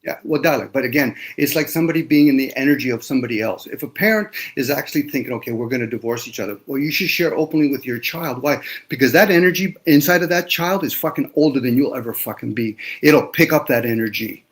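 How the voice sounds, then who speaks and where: A man's voice: mid-range voice, quick pace, hardly any pauses. A man speaking in a casual panel discussion, lecturing emphatically with frequent swearing.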